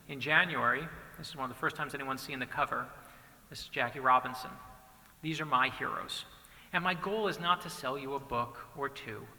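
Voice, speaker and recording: A man's voice: mid-range voice, bright, forceful tone. A man in his forties, an author giving an earnest, passionate keynote that he tells as a string of stories. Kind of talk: inspirational speech with storytelling. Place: large banquet hall. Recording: reverberant hall.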